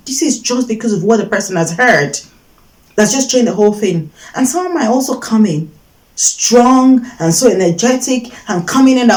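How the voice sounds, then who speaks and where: Through poor audio, a woman speaks slightly high, fairly quick, expressive and darkish in tone. Her earnest faith-based teaching, given as Christian advice, repeats key points and dramatizes short quoted voices.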